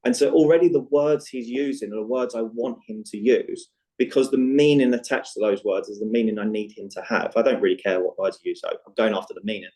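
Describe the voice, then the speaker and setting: Animated man telling a client story. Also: on the low side, fast talker, low-quality recording. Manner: animated, repeats "right?" to check in, acts out dialogue. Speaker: guest, movement coach for chronic pain. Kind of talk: conversational podcast storytelling.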